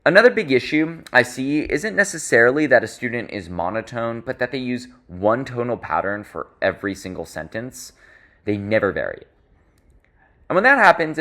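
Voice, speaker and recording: A man teaching public speaking in an instructional talk, stressing key words and shifting his pace and volume to make his points. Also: medium pitch. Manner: expressive, varies pace and volume for emphasis.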